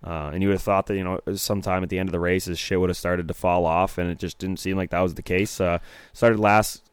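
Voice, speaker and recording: A man's voice: deep voice, level tone, fast, clear, resonant tone, no room sound. A man hosting a casual podcast, recapping a race in a rambling way with fillers and swearing. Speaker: podcast host. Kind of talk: casual chat.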